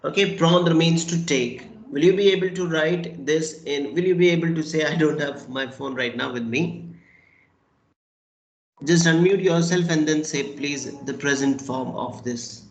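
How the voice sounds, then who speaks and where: Guy teaching french on a video call, slow and patient, echoey room. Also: on the high side, dull audio. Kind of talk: online class teaching.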